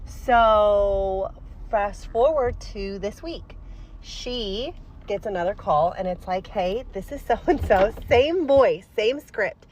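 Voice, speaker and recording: A woman's voice: medium pitch, animated, takes it slowly, a little mellow. A woman telling a story in a casual storytime monologue, chatty and amused, with fillers. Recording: dull lo-fi recording with faint noise.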